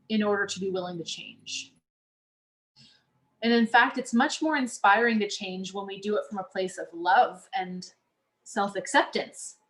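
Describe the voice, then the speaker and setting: A woman coach gives a casual but earnest teaching talk to her audience in a mid-range voice. She speaks conversationally, with many fillers and restarts.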